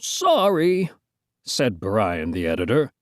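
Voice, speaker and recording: A woman's voice: very deep voice, huge pitch swings, slow, a little mellow, dry recording, studio quality. A woman reading a children's storybook aloud, playful, with joking asides to listeners.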